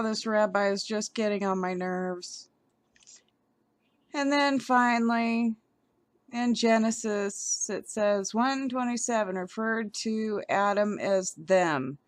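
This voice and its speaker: A woman's voice: on the high side, dry recording. A woman vlogger giving heated commentary as she reads an article aloud, often stumbling over her words.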